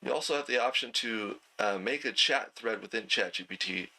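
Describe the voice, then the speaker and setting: A man teaching an online night class in a relaxed, conversational way, with plenty of fillers and throat clearing. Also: fairly low pitch, brisk, poor audio. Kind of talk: casual lecture.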